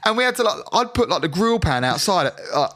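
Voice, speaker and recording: A man's voice: high voice, sing-song, fast talker, a bit bright, no room sound. A young British man telling a rambling, sweary story in casual podcast chat, full of restarts. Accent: British English. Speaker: podcast co-host.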